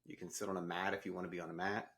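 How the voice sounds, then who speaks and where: A man leading a guided breathing meditation, with slow, gentle instructions in casual wording. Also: sits low, level tone. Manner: casual wording with small restarts. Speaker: meditation teacher.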